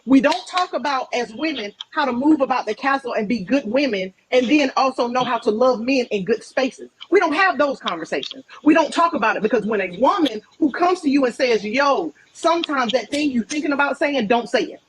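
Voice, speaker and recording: A woman's voice: high-pitched, expressive, fairly quick, few pauses, noisy background. A woman making her points in an online debate, emphatic and lecturing, with a lot of repetition. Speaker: TikTok debater. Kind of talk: live social media debate.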